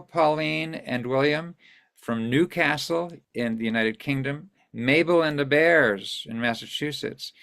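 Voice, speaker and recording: A man's voice: medium pitch, a bit bright. An older man hosting an online song series over a video call, greeting viewers in a chatty, rambling way and losing his place now and then. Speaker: host of an online singing series. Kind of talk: casual greetings to a live online audience.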